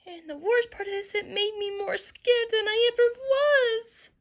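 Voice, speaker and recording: A woman's voice: extremely high pitch, a little slow. A woman voicing a small, frightened child in a homemade cartoon, talking in a fretful, stammering way. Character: small scared child, Nina.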